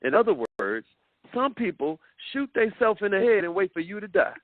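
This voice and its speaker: Man, motivational speaker, high lively voice, swoops up and down, dry phone-line sound. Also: moderate pace, no room sound. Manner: preacher-like, repeats words, acts out quoted voices. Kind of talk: motivational talk.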